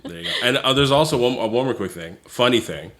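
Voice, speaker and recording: A man from Quebec co-hosting a podcast in casual chat, speaking in a laid-back, halting way with many fillers. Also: mid-range voice, animated, a bit bright. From Quebec, Canada. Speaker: podcast co-host.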